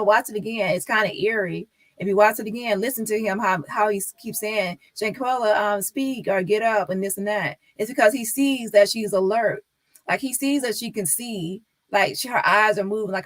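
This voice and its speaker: A woman's voice: medium pitch, fairly bright tone, no echo. A woman on a live stream talking casually and insistently to her viewers, repeating her points.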